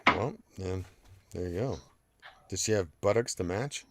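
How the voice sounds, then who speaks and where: A man's voice: low-pitched, a little slow, heavy background noise. A man hosting a casual podcast chat, making dry jokes and reading out chat comments. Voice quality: gravelly. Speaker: podcast host.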